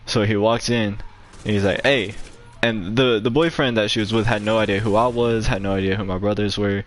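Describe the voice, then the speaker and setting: A man's voice: on the low side, fairly even intonation, brisk, a little hiss or hum. A young man telling a story in casual chat, rambling with lots of fillers and laughing between lines. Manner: rambling, heavy use of "like" fillers, laughs often. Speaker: gaming channel host.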